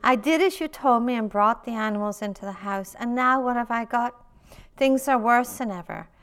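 A woman reading a story aloud, voicing a desperate poor man who pleads and laments loudly. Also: mid-range voice, measured pace, smooth, lightly acted. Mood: wailing. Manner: loud, pleading, lamenting outbursts.

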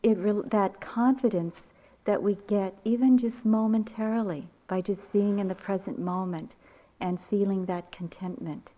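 An older woman giving a dharma talk as a meditation teacher, with reflective, unhurried storytelling. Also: mid-range voice, dark tone. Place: retreat center meditation hall. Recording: muffled lecture recording.

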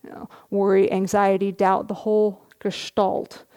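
Gentle mellow-voiced woman giving a dharma talk. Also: mid-range voice, completely flat delivery, measured pace. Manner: gentle storytelling with soft laughs. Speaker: meditation teacher. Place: retreat meditation hall.

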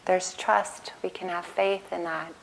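A woman meditation teacher giving a gentle dharma talk at a retreat, telling stories in a soft, calm way. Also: on the low side, measured pace, gravelly, a little hiss or hum, low-quality recording. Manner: gentle, storytelling, soft-spoken. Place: retreat center meditation hall.

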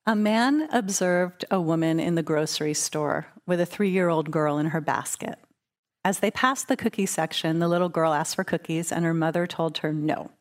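A woman's voice: deep voice, normal speed. A woman meditation teacher giving a dharma talk at a retreat, conversational and playful as she tells stories. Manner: conversational, warm, playful storytelling.

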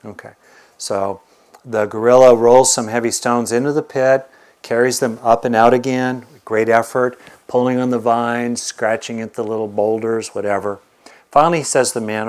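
A male meditation teacher giving a dharma talk. He tells teaching stories with animated energy, leaning into the drama. His voice sits at a middle pitch for a man. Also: normal speed, clear, resonant tone. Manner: animated storyteller.

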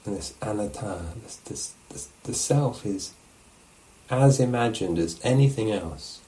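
Low-voiced man giving a relaxed dharma talk. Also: a little slow, rough recording. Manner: relaxed, conversational, often checks in with "yeah?"; reflective, musing, asks questions of the listeners. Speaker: meditation teacher. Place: meditation hall.

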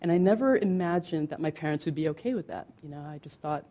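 A middle-aged woman meditation teacher speaks in a low register with a soft, warm tone. Her dharma talk is conversational and candid, peppered with fillers. She lingers slowly on the words she wants to land. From United States.

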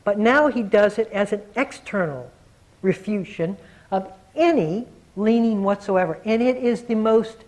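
A man who is a meditation teacher, giving a reflective, earnest dharma talk to a group and slowing down to stress key words. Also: sits high, low-quality recording.

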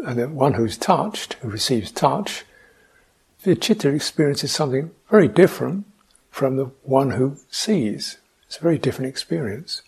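A man giving a reflective meditation talk, speaking slowly, asking questions and adding soft hums between points. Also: mid-range voice, vocal fry, breathy edge. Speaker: meditation teacher. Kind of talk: dharma talk.

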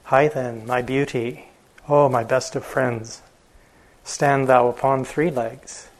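A man voicing a gentle, devoted male elephant keeper in a told story, speaking softly and tenderly. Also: mid-range voice, steady tone, normal speed, close to an everyday voice, poor audio. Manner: soft, tender address.

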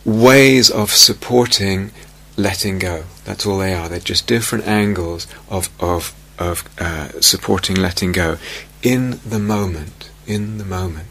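A man giving a meditation teaching in a reflective, unhurried way, softly repeating key phrases. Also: low-pitched, creaky. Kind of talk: dharma talk. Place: retreat meditation hall.

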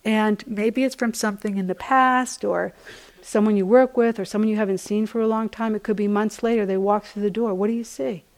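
A woman meditation teacher giving a gentle, conversational dharma talk at a retreat center, often saying "you know.". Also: mid-range voice, fairly even intonation, fairly quick.

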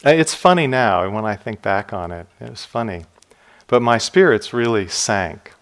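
A man with a fairly low voice gives a dharma talk in an unhurried, storytelling way. His tone stays gentle and reflective. The ends of his phrases sink quietly. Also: expressive. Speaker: meditation teacher. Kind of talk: dharma talk with personal stories.

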